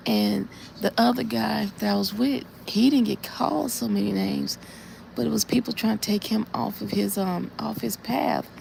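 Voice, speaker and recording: A woman's voice: medium pitch, steady tone, normal speed, creaky, darkish tone, slight background noise. A woman on a casual live stream, earnestly retelling a dream in a repetitive way and speaking straight to her viewers. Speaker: livestreamer.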